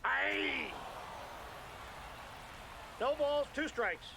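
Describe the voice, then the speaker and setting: A man voicing a mock British male baseball commentator in a put-on, gravelly, drawn-out accent. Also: very high-pitched, noisy background, pitched above the performer's own voice, heavily acted. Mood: mock commentary.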